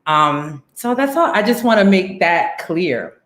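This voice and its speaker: Woman, talk show host, casual chat, lively, echoey room. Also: on the low side, a little slow. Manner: chatty, lively, laughs often, many fillers.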